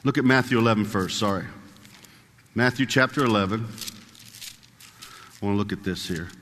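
A man preaching a sermon in a conversational way, asking the congregation questions and reading scripture aloud slowly. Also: lowish voice, fairly bright tone, in a large hall, a little hiss or hum.

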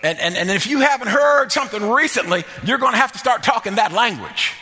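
A man preaching a sermon in a church, with an emphatic, repetitive cadence that often breaks into shouting, then leading prayer and an altar call. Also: extremely high pitch, animated, fairly quick. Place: church sanctuary. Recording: long church reverb with faint music.

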